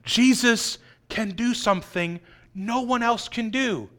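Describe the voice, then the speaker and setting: A man preaching a sermon, dramatic, swinging between loud emphasis and hushed, quiet lines. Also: very high voice, takes it slowly. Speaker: pastor.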